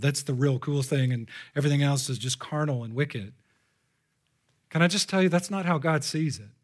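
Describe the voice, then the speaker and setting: A man preaching a live sermon to a congregation as pastor, animated and swinging between loud exclamations and hushed asides. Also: medium pitch. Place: church before a congregation.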